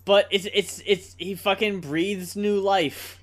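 A man's voice: high voice, fairly even intonation, slow. A man co-hosting a music podcast, rambling enthusiastically and swearing freely. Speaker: podcast co-host. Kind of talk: casual chat.

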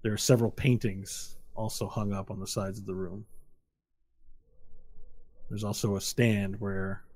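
A man's voice: lowish voice, little pitch movement, measured pace, darkish tone, a little hiss or hum. A man narrating as game master, describing scenes loosely with frequent filler phrases.

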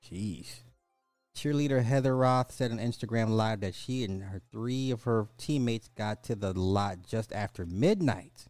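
A man's voice: fairly low pitch, darkish tone, dry recording. A man hosting a podcast, reading news stories aloud and adding mocking asides in a casual way. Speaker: podcast host. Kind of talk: casual social commentary.

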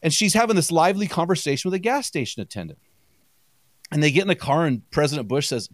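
Chatty upbeat man, fast storyteller. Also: on the high side, no echo, clean studio sound. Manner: energetic storyteller, quick and chatty, laughs often. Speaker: podcast guest. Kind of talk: casual chat.

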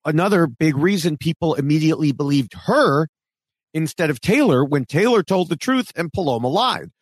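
A man co-hosting a podcast, chatting casually and growing animated when he quotes other people. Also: fairly high pitch, normal speed, slightly rough, no echo. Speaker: podcast co-host.

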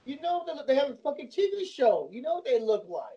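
A man with a very high-pitched, warm voice and big swings in pitch chats casually with friends. He stumbles over words, stops and restarts, and swears, all captured on dull lo-fi audio.

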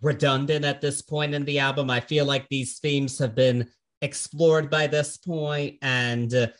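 A man's voice: mid-range voice, level tone, a little slow. A man co-hosting a podcast, talking through an album in a casual, earnest and thoughtful way. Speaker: podcast co-host. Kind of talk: casual music review chat.

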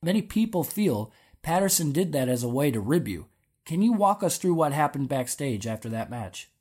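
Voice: mid-range voice, sing-song, moderate pace, a little mellow, slightly rough. Interview host, mid-range voice, eager and curious questioner. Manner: eager, question-led, reads fan questions aloud.

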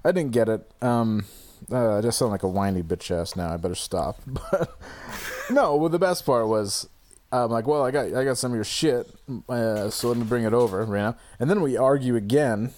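A man's voice: mid-range voice, normal speed, a little mellow. A man telling a breakup story in casual chat, rambling and swearing, often restarting and laughing.

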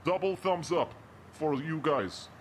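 A man's voice: on the high side, expressive, slow pace, slight background noise. A man voicing a friendly building supervisor who speaks broken English and drops his articles. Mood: chatty.

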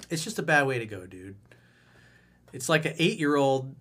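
A man's voice: medium pitch, animated, quick pace, fairly bright tone. A middle-aged male dating coach giving blunt, frank advice in a monologue, acting out quotes along the way.

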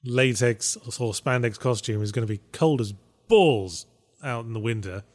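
A man's voice: medium pitch, moderate pace, darkish tone. A man trading easygoing chat as a co-host. His humour is dry and sardonic. He often sounds mock-gloomy and unimpressed. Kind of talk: casual chat.

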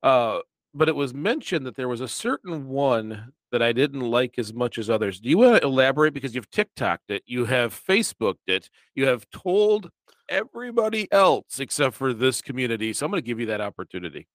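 A man hosts a podcast with a deep voice that sounds congested and stuffy. He speaks in upbeat, teasing chat. The recording is dry and close. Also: sing-song, brisk, no echo. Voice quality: deep bass voice. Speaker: podcast host. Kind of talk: casual chat.

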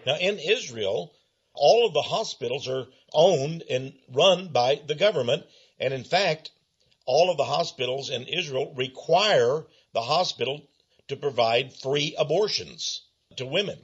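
A man's voice: fairly high pitch, animated, a little slow, husky, lo-fi sound. A man hosting a talk show, telling a story and asking his guest questions, with hesitant fillers. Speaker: host. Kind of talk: podcast interview talk.

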